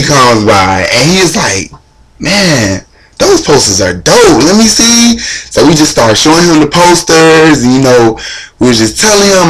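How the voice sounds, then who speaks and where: A young man vlogging, excitedly retelling a story, his voice jumping high when he quotes himself, with lots of "like" fillers. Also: rough recording. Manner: heavy use of "like" and casual fillers.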